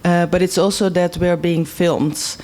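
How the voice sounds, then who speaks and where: Low-voiced woman giving workshop housekeeping. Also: fairly even intonation, mellow. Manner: halting, hesitant. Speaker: workshop organizer. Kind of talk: housekeeping announcements. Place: workshop venue. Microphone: microphone at a workshop.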